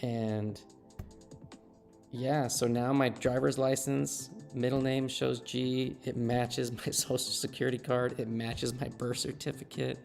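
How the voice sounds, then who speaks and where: A man's voice: mid-range voice, flat delivery, unhurried, vocal fry, a little mellow, soft background music. A man in his thirties chatting casually on a game live stream, telling a story and laughing at himself. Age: 30s.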